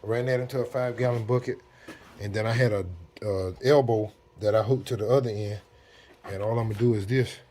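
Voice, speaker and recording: A fairly low-voiced man with a drawl explains a repair job to his viewers. His delivery is relaxed and unhurried, walking through each step. It is picked up on a camera mic in a garage. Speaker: DIY mechanic. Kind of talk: casual how-to narration.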